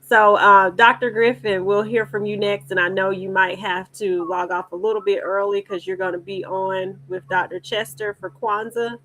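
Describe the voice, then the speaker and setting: A woman's voice: mid-range voice, fairly even intonation, moderate pace, few pauses, a bit bright, poor audio. Woman moderator, upbeat and encouraging, affirms guests often. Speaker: panel moderator. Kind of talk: hosting a panel talk.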